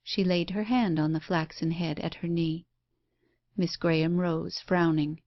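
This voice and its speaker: A woman narrating a Victorian ghost story audiobook in a measured, even reading. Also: on the low side, no room sound, highs cut off. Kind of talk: scripted narration.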